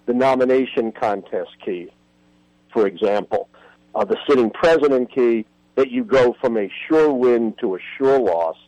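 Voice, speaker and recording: A man's voice: mid-range voice, warm tone, no echo, lo-fi sound. An older man, a history professor, telling stories with animation and emphasis as a guest in a radio interview.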